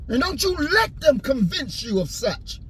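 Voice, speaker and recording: A man delivering an impassioned, preachy rant and story, repeating his points and rising into shouts. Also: very high voice, very animated, a little slow, a little hiss or hum, low-quality recording. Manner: preachy, repetitive, swings into shouting.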